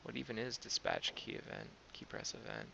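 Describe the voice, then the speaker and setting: A man's voice: mid-range voice, huge pitch swings, brisk, vocal fry, bright, forceful tone, a little hiss or hum, rough recording. A man hosting a coding show, thinking aloud as he reviews code, hesitant and often correcting himself. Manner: hesitant, self-correcting, many fillers.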